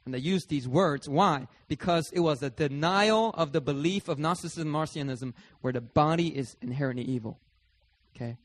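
A man preaching a sermon as pastor, teaching emphatically and rising to loud, stressed phrases. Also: a little high, moderate pace, hardly any pauses.

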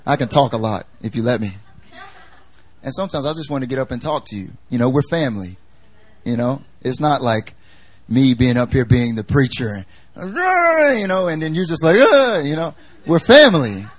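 A man's voice: mid-range voice, lively intonation, normal speed, no room sound. A male pastor giving a conversational sermon in a chatty, emphatic manner, repeating his key phrases for effect. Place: church service.

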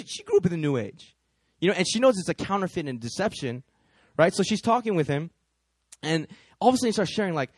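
A man's voice: high voice, quick pace, slightly rough, no echo. A man preaching a sermon, telling a story and acting out each person in it. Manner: animated, acts out every character.

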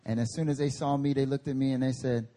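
A male pastor preaching a sermon at a church service, telling animated stories and laughing through them. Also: mid-range voice, quick pace.

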